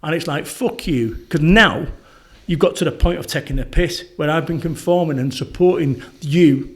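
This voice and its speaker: A middle-aged man with a Northern English accent, a podcast guest telling stories in a blunt, swearing, animated way. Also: a little high, normal speed. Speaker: podcast guest, motivational speaker. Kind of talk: casual conversational interview.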